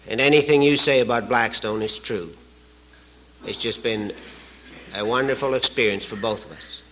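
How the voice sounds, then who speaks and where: A man's voice: mid-range voice, normal speed, a bit bright, rough recording. A man from Canada giving a folksy, joke-filled talk at a recovery retreat, chuckling at his own stories. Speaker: AA speaker. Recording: archival live talk recording.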